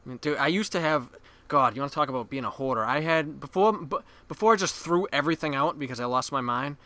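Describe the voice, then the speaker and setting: A man's voice: on the high side, fast talker, sharp tone, dry recording. A man from the Boston area with a Boston accent, co-hosting a casual podcast chat, crude and self-mocking, laughing often. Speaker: podcast co-host. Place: basement room.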